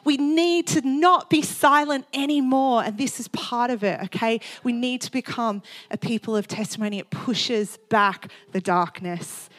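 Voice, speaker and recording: A woman preaching a sermon with fervent, fast-paced delivery that rises to bursts of exclamation. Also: on the high side, fairly bright tone.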